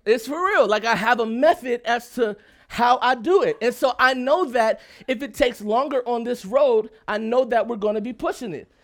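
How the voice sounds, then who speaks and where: A man telling a personal story in a lively, emphatic, casual way, often checking in with his listeners and laughing as he talks. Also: very high-pitched, moderate pace. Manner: laughs while talking.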